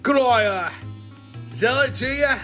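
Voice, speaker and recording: A woman voicing a crude, rambling male British writer caricature in a mock British accent, shouting insults. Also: high-pitched, a little slow. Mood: scornful. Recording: music playing under the voice. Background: music.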